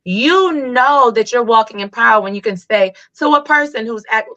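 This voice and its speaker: An animated woman in casual interview talk, her voice bright and forceful. She tells stories with lively acted-out quotes. The recording sounds slightly dull and lo-fi. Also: on the high side, moderate pace. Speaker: Reiki healer guest.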